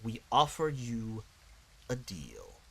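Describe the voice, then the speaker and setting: A man voicing an ancient female demon queen in a raspy, slow and menacing voice. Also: medium pitch, wildly swooping pitch, full character voice, poor audio. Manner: slow, drawn-out, looming delivery.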